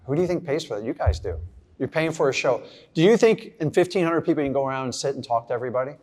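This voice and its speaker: Racing through his words, a middle-aged real estate investor delivers a blunt, casual motivational talk to a live audience. His mid-range voice is animated and a little mellow, and he acts out little scenes.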